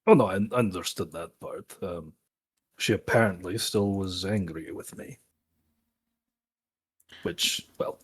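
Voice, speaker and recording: A man's voice: deep voice, unhurried, pauses often, slightly rough. A man playing a tabletop game, making dry, wry remarks in character. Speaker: player. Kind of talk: casual tabletop role-play.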